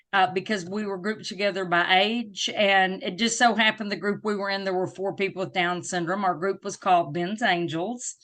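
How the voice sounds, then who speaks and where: Bright-voiced Southern woman telling her story. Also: mid-range voice, steady tone, moderate pace. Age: middle-aged. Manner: warm, emphatic, faith-filled storytelling. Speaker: guest, disability advocate. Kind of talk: personal storytelling interview.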